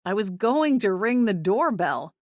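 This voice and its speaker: A woman voicing an earnest, apologetic young man with a gentle, sheepish manner, in a dry audiobook reading. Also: mid-range voice, big pitch swings, unhurried, dry recording.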